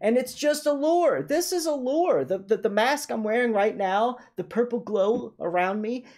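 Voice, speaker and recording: A man's voice: extremely high pitch, animated, moderate pace, a little mellow. A man hosting a livestream, chatting casually and playfully, often laughing. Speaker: livestream host.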